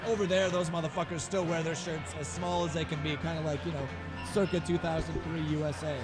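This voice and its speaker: A man's voice: on the high side, little pitch movement, fast, loud music behind the voice. A man from the United States, a touring musician, chatting casually in an interview with a rambling, swear-heavy manner. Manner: rambling, frequent swearing, restarts. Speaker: touring band musician, guest.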